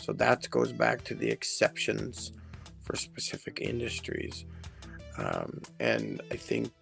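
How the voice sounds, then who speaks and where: A man's voice: fairly low pitch, huge pitch swings, slow, creaky, a bit bright, faint music behind. A man hosting a casual live stream about workplace rules, talking in a rambling, chatty way and often correcting himself. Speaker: HR consultant host.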